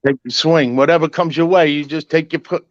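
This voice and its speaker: A man's voice: fairly high pitch, fairly even intonation, brisk, dry recording, muffled recording. An older man chatting casually as a guest, nostalgic and rambling, often calling people "man.". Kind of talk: casual chat.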